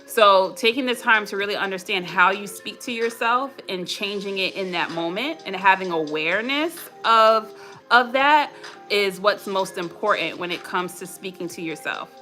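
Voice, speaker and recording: Bright-voiced woman hosting live affirmations. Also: medium pitch, expressive, moderate pace, soft background music. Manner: earnest, reflective, repeats affirmations; answers live chat between points. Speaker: host of a live motivational stream. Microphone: webcam or phone mic on a live stream.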